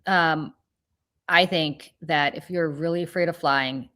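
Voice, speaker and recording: Chatty middle-aged woman hosting. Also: low-pitched. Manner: chatty and animated, quick asides to her dog. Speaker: podcast host. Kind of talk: casual chat.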